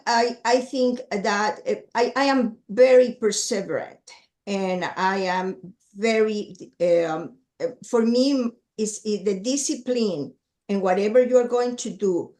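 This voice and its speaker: Woman, earnest, a little high, echoey room. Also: a little mellow. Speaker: panelist. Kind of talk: panel discussion.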